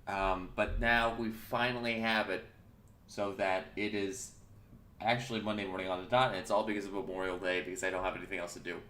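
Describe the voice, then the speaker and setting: A man's voice: deep voice, level tone, a little fast, bright, forceful tone, echoey room, a little hiss or hum. A man hosting his own casual morning talk show, rambling and correcting himself, with his early-morning voice still in his throat. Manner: chatty, rambling, self-correcting. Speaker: podcast host.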